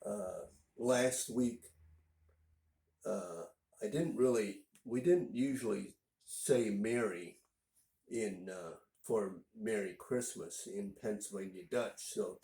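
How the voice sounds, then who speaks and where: A man from northern Indiana talks through a casual language lesson, explaining things patiently and stopping often to gather his words. His voice sits a little low and he takes his time. The room around him rings with echo. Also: warm tone. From northern Indiana, USA. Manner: unhurried and explanatory, with frequent "uh" pauses. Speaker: language teacher.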